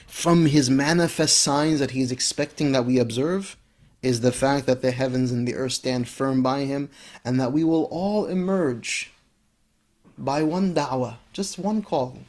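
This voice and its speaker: A man, an Islamic scholar, giving a reflective religious lesson. He recites Arabic verses briskly, then explains them slowly and emphatically, sometimes dropping to a hushed voice. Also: medium pitch. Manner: expressive, shifts between brisk Arabic recitation and slow, emphatic English; drops to a soft, hushed voice at key points.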